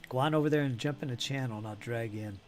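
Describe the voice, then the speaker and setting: A man's voice: mid-range voice, very fast. A middle-aged man hosting a live stream, chatting casually and jokingly, laughing often. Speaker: stream host. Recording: background music on a live stream.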